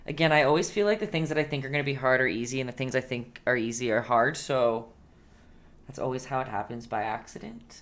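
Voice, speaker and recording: Her voice rumbles low as she runs a casual painting class over live stream. Playful and talkative, she keeps laughing and chatting back to the people watching.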